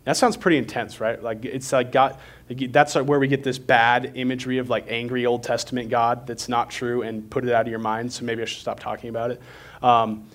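A man's voice: mid-range voice, little pitch movement, a little fast. A young man preaching a sermon in a conversational, candid way, with self-deprecating asides.

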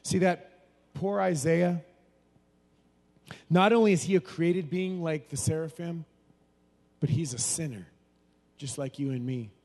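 A man preaching a sermon, moving between hushed, low passages and loud, animated bursts. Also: unhurried, long pauses. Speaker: pastor. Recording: long hall reverb.

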